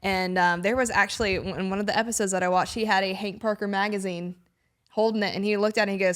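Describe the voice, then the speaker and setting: A woman's voice: mid-range voice, fairly even intonation, fairly bright tone. Chatty woman co-host, full of "like"s. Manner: chatty, filler-heavy with "like" and "um", quick to laugh. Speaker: co-host interviewer. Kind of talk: casual interview chat.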